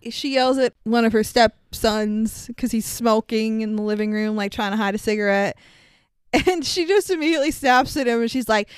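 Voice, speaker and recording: A woman's voice: a little high, normal speed, clear, resonant tone, no room sound. A young woman co-hosting a podcast, recapping a movie in casual chat, laughing often and swearing freely. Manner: laughs often, animated and profane. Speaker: podcast co-host.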